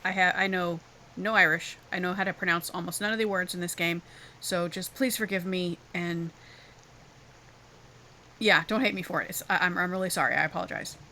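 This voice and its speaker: A young woman streams a casual let's-play, giggling often, apologizing, and reading the game's text aloud. Her lowish voice is steady, brisk, and sharp, with slight background noise.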